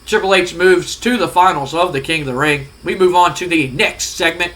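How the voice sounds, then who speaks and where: A man's voice: on the high side, normal speed, pushed and bright, poor audio. A man giving casual, rambling commentary on a wrestling simulation game, often swearing. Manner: rambling, profane, conversational. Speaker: let's play host.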